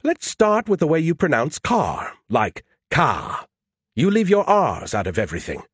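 A smug male alien AI with a mocking, condescending edge, as a narrator puts it on. The voice sits a touch higher than a regular speaking voice and sounds dry and close, with no room around it. It needles and talks down to everyone in a storybook telling. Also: wildly swooping pitch, fairly quick, slightly rough, no echo, full character voice. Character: arrogant snarky male alien AI.

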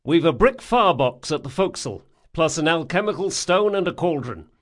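A man reading an audiobook, voicing a bold young pirate captain who gives brisk orders to his crew. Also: fairly high pitch, animated, voice pushed up. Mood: commanding. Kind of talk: audiobook character voice.

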